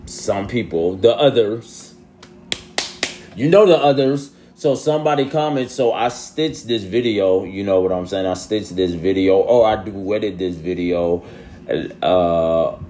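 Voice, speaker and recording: A young man talking casually to his followers in a loose, slangy way that sometimes climbs into loud, exasperated ranting. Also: low voice, a little hiss or hum. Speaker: social media creator. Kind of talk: casual vlog monologue.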